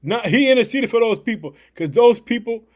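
A man's voice: very high-pitched, animated, brisk. A man preaching a devotional podcast sermon, fired up and emphatic, leaning on repeated catchphrases.

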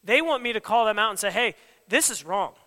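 A man preaching in a casual, emphatic way, slipping into quoted back-and-forth dialogue. His voice sits high, bright and clear. The sound rings with a long hall reverb. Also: expressive, brisk. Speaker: pastor. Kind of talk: sermon.

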